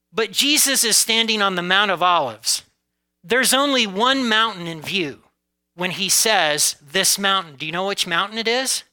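Pastor guy giving a sermon, high bright voice, really clean and clear, chatty with lots of "okay?"s. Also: low-quality recording. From United States. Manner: conversational preaching with frequent "okay?" and "right?" check-ins; occasional laughs, varies pace from drawn-out emphasis to quick asides.

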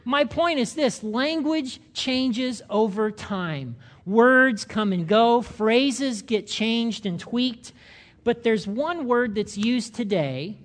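Older male pastor, animated sermon. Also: very high-pitched, slow pace. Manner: animated storytelling, acting out quoted voices.

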